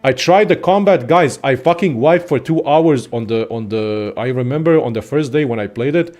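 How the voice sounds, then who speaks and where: A young man casually ranting about games in a profane, excitable, rambling way as a content creator. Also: medium pitch, moderate pace, faint music behind. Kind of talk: casual gaming rant.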